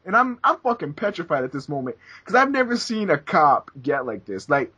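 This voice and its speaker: A young man hosting a casual podcast, telling crude stories with loud acted-out quotes. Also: high-pitched, expressive, fairly quick, husky. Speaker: podcast host. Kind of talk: casual gaming podcast chat. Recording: dull lo-fi voice chat audio.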